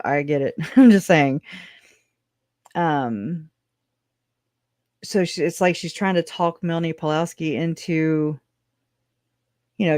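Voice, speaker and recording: A woman's voice: deep voice, darkish tone, dry recording, studio quality. Chatty, sarcastic woman livestream host. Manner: chatty and sarcastic, with frequent laughs; informal slang, says y'all. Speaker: true-crime livestream host. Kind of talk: casual commentary reading case notes.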